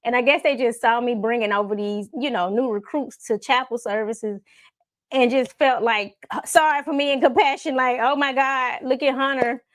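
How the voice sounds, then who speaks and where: A woman vlogger telling a personal faith story in a casual, animated way, with folksy asides to her viewers and frequent laughs. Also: fairly high pitch, normal speed, no echo, studio quality. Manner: laughs often while talking. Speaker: faith and self-development vlogger.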